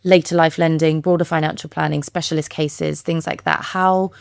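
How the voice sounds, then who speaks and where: A woman with a low, gravelly voice leads a podcast interview in a friendly, chatty way. Her voice is recorded dry and close. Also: steady tone, normal speed, no echo. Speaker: podcast host, marketer.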